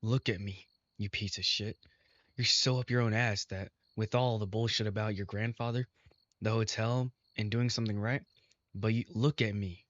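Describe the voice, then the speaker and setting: A man voicing a rough young male minotaur who scolds bluntly and swears constantly. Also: lowish voice, fairly even intonation, normal speed, a bit bright, no echo, dull audio, close to an everyday voice. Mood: scolding.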